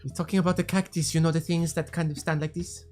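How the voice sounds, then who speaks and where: A woman's voice: low voice, level tone, fast, darkish tone, soft background music. A woman playing a tabletop game, chatting casually and taking charge. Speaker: tabletop player.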